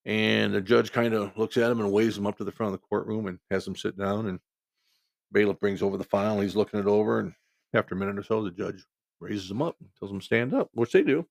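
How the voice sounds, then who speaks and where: A man's voice: fairly low pitch, quick pace, gravelly, dry recording, clean studio sound. A man with a cold, telling a personal story in a rambling, folksy way as a podcast host. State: has a cold. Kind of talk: casual storytelling.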